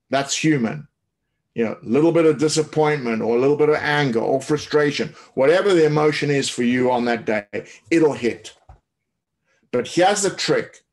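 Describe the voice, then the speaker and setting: A man giving a coaching webinar, explaining in a loose way with many fillers and restarts. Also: mid-range voice. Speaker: tennis coach. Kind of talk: webinar talk.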